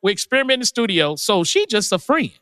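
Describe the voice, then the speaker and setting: A man, a music producer guest, telling stories in a casual chat, leaping into high, lively voices when he quotes people. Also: fast talker, smooth, dry recording, clean studio sound, long reverb tail. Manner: animated, leaps high when quoting people.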